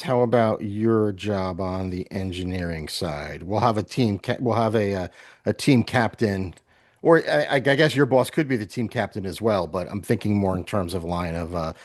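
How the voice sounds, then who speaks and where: A man's voice: sits low, no echo. Easygoing game master man, dry close mic. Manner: easygoing, self-deprecating. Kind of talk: session-zero planning chat.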